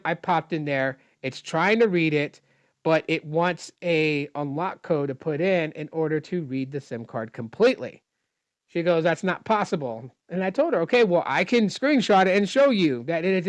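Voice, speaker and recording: A man's voice: fairly high pitch, no echo. A man telling a frustrated storytime rant about a customer service call, retelling the dialogue and explaining technical details at length. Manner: exasperated, retells dialogue in his own voice. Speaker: dissatisfied phone customer recounting a call. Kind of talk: casual ranting storytime.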